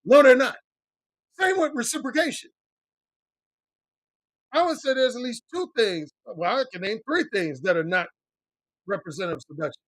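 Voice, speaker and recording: A man's voice: big pitch swings, normal speed, long pauses, a bit bright, no room sound. A middle-aged male dating coach talking bluntly on a livestream, swearing freely and repeating his points for emphasis. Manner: mimics other men in a high voice when quoting. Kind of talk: livestream talk answering chat.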